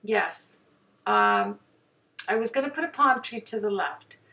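A woman's voice: medium pitch, huge pitch swings, measured pace, sharp tone, distant mic. A woman hobby painter chatting casually over her own painting, rambling and poking fun at herself, with plenty of fillers. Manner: chatty, rambling, self-deprecating, many fillers.

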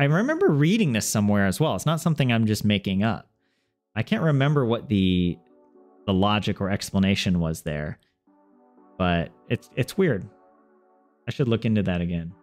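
A man with a fairly low voice talks casually to his livestream viewers. He thinks out loud, trips over his words and restarts sentences often. Soft music plays faintly behind him. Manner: thinks aloud with many restarts and self-corrections. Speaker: language learner streaming. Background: soft game music.

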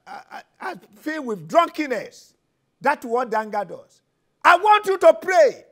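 A man's voice: extremely high pitch, fairly bright tone. A man with a Nigerian English accent preaching and leading prayer, fervent and repetitive, building into commanding declarations. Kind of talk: sermon and prayer session.

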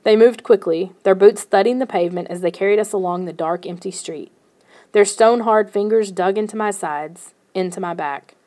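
A woman's voice: medium pitch, moderate pace, dark tone. Woman reading a novel aloud. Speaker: audiobook narrator. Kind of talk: first-person audiobook narration.

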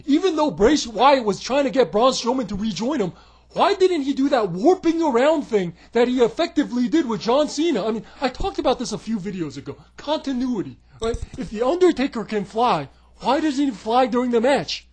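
A man ranting sarcastically as a wrestling reviewer, tossing in rhetorical questions. His voice sits high for a man and sounds husky. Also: sing-song, brisk, a little mellow. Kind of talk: opinionated commentary.

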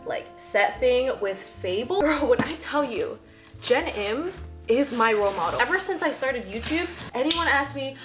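Casting: bubbly, chatty woman YouTuber in her twenties, high, lively voice, echoey room with faint music. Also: measured pace. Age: 20s. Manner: bubbly, chatty, giggly, emotional asides. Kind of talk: casual unboxing vlog.

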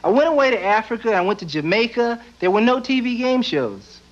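A young man doing a stand-up comedy routine on a TV stage, with deadpan asides and quick silly voices. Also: very high voice. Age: young adult. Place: TV studio stage before live audience. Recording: dull VHS broadcast audio with loud audience.

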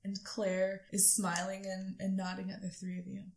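A woman acting as game master, narrating a tabletop game in a soft-spoken, descriptive way. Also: medium pitch, monotone, moderate pace, creaky, reverberant.

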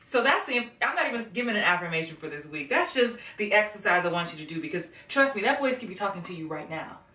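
A woman's voice: mid-range voice, fast, recorded from a distance. Woman coaching in a roomy echo. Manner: lively, acts out quoted voices. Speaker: success coach. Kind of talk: motivational talk to camera.

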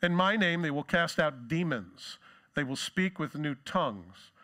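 A man's voice: expressive, a little slow, bright, forceful tone. A man preaching a sermon in a conversational way, with jokes and asides, acting out the quoted lines with energy. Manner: acts out quoted lines with rising pitch and force. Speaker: pastor.

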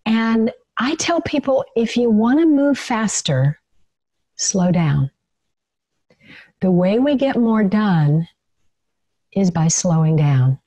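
A woman guest in an interview, explaining calmly and warmly agreeing with her host. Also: lowish voice, dry recording. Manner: calm, explanatory, with many affirming interjections. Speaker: guest expert on leadership and the nervous system. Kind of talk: conversational interview over video call.

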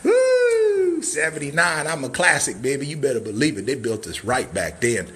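A man's voice: medium pitch, fairly quick, bright, forceful tone. A man hosting a live cabin sales walkthrough, a hyped, catchphrase-heavy showman who whoops and throws in drawled "baby" asides. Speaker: cabin salesman and livestream host.

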